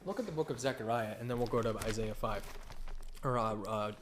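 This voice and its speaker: A man's voice: medium pitch, fairly quick, slight background noise. Casual, joking male Bible teacher. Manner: casual, joking asides, rhetorical questions. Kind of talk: conversational sermon with storytelling.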